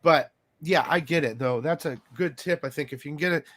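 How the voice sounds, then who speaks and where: A man hosting a casual interview about comic collecting, chatty and excitable, coughing from allergies. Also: on the high side, a little fast. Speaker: host.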